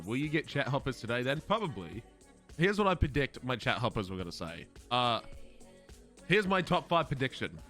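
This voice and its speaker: A man's voice: mid-range voice, fairly bright tone. A young Australian man chatting casually with his stream viewers, swearing and laughing at himself as he goes.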